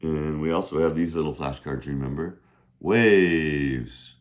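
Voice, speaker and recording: A man teaching Mandarin vocabulary in a casual, patient way, slowly modeling each word's pronunciation with lively jumps in pitch. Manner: bursts of high pitch when modeling Chinese tones.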